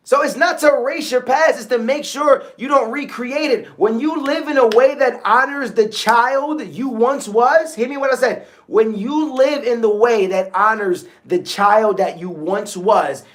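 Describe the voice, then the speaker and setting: This livestream host speaks in a high, somewhat bright voice. The motivational talk is relaxed and conversational, with key phrases said again and again and regular check-ins with the audience.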